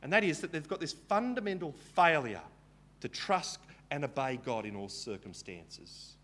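A man's voice: on the high side, expressive, normal speed, fairly bright tone. A man preaching a Bible teaching sermon, retelling the story casually and asking rhetorical questions.

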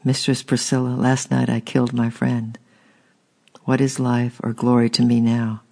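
A man's voice: completely flat delivery, normal speed, gravelly, mellow. A man reading the lines of a weary, wounded young former slave in a storybook. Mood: despairing. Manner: weary and low.

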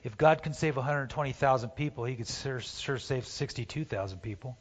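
A man preaching a sermon, impassioned, swinging from loud urging to hushed pleading, recorded in a church sanctuary. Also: medium pitch, fairly quick. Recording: dull, roomy church hall sound.

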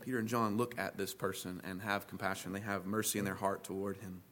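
A man's voice: deep voice, level tone, fairly quick, a bit bright. A man preaching a sermon to his church, earnest and emphatic, repeating phrases for weight and restarting mid-thought. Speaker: pastor.

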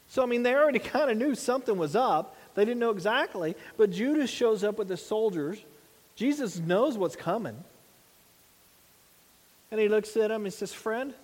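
Earnest high-voiced preacher man. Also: in a large hall. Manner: earnest, conversational preaching with rhetorical questions. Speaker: pastor. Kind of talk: sermon.

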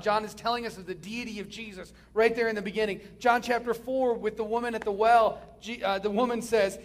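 A man preaching a sermon, swinging from loud emphatic lines down to hushed near-whispers. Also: high-pitched, fairly even intonation, a little fast, hardly any pauses.

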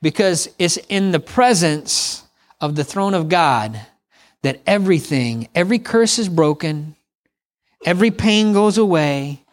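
A middle-aged man delivers a sermon in a conversational way. His voice sits a little high, and he keeps calling on the congregation to repeat lines back to him. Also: expressive, a little slow. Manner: conversational preaching with congregation call-and-response. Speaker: pastor.

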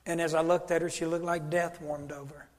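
Preacher telling a story in a church hall. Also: male voice, on the high side, little pitch movement, fairly quick, a little mellow. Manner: storytelling, acts out both sides of a conversation. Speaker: pastor. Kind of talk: sermon.

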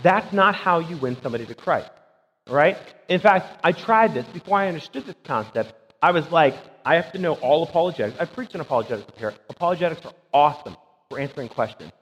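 Husky-voiced man preaching in a hall. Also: on the high side, expressive, fast, fairly bright tone. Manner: emphatic, asks rhetorical "right?". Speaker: pastor. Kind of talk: conversational sermon. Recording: dull sound with long hall reverb.

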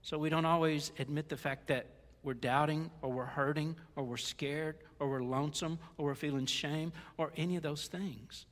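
High-voiced older pastor in a reverberant hall. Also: male voice, fairly even intonation, moderate pace. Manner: conversational, with stumbles and folksy asides. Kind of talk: sermon.

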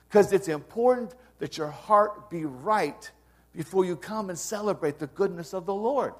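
This sermon comes from a male pastor with a high-sitting voice who speaks earnestly and conversationally. To underline his points, he pushes up into emphatic rises.

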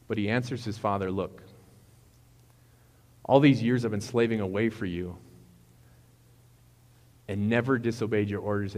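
A man preaching a sermon in a relaxed, conversational way, retelling movie scenes and correcting himself as he goes. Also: fairly low pitch. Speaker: pastor. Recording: long reverb of a hall.

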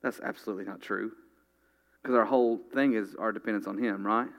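A man's voice: fairly low pitch, steady tone, brisk. A man preaching a sermon, earnestly reading scripture and speaking straight to his congregation. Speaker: pastor.

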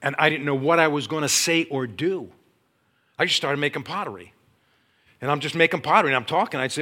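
A middle-aged man preaching a testimony sermon, telling his story dramatically and swinging from hushed, low passages to loud, urgent ones. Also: a little fast. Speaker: Christian speaker and former teacher.

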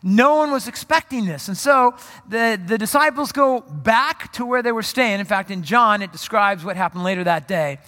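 A male pastor with a high, bright voice preaches a sermon. He tells the story in a lively way and throws in joking asides. His voice rings out in a long hall reverb. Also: normal speed, hardly any pauses.

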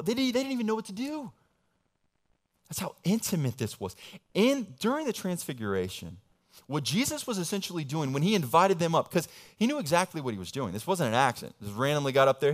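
A young male pastor delivers a sermon with a slightly high voice. He talks casually and with animation. He rises to loud, eager emphasis, then drops to low, quiet asides. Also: very animated, fast.

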